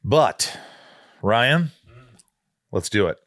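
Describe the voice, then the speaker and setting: A man's voice: fairly low pitch, very animated, very slow, a bit bright, dry recording. A man hosting a podcast, talking in a gushing, rambling, enthusiastic way. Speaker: podcast host. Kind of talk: casual podcast chat.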